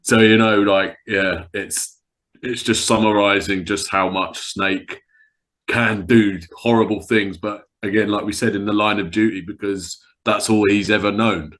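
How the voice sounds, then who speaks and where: An enthusiastic British man chatting on a gaming podcast. His voice has a bright, forceful edge. He keeps quoting lines from the games. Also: on the low side, steady tone, a little slow. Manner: enthusiastic, quotes characters. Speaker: podcast co-host. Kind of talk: casual chat.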